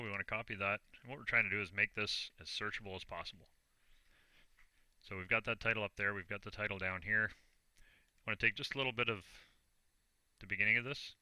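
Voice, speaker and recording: A man's voice: fairly low pitch, steady tone, brisk, long pauses, sharp tone, no room sound. A Canadian man talking through a casual screen-recorded tutorial, plain and self-deprecating as he narrates each click. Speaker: online business vlogger.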